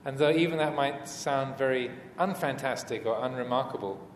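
In a dharma talk, a man teaching as a Buddhist monk speaks hesitantly, full of fillers and restarts, with touches of gentle humor. His voice is mid-range and his pace moderate. The hall is echoey, with faint room noise.

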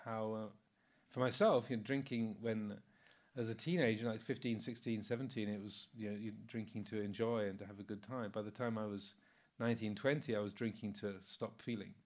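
A man in his sixties, a Buddhist monk, giving an informal Dharma talk in a relaxed, anecdotal way, with many fillers and frequent chuckles. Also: on the low side, a little fast, hardly any pauses.

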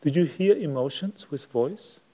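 Monk giving a sermon, mellow male voice, slow and reflective with long pauses. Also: fairly high pitch, lively intonation, slightly rough. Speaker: Buddhist monk giving a Dhamma talk. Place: monastery hall.

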